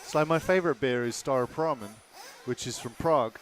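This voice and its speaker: A man's voice: mid-range voice, a little fast. A man co-commentating a race in casual chat, dry and laid-back.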